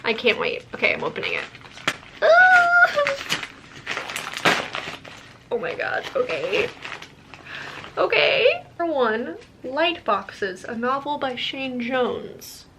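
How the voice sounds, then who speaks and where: A young woman with a slightly high voice talks casually to camera as a book vlogger. She gushes about what she loves and breaks off for quick asides. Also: sing-song, very noisy. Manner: chatty and gushing, quick asides. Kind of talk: casual vlog Q&A and book unboxing.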